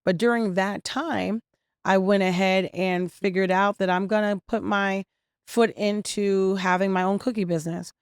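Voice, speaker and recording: A woman who founded a restaurant tells her story in an interview, in a clear, smooth voice recorded close and dry. She is animated, acts out the people she quotes and fills pauses with "um". She talks at a middle pitch. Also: no echo. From New York and New Jersey area. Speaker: restaurant owner and founder, guest.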